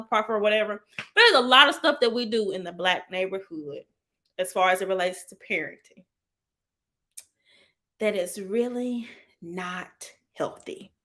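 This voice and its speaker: Speaking straight to her audience as y'all, this woman runs a relaxed live-stream healing talk. Her voice is slightly high, bright and forceful.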